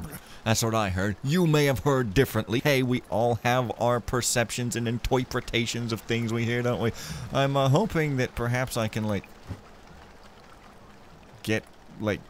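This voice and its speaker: A man's voice: mid-range voice, normal speed, a little hiss or hum. A man giving casual, rambling commentary while playing a stealth game, joking to himself as he goes. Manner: playful, rambling, jokey asides. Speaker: let's play gamer.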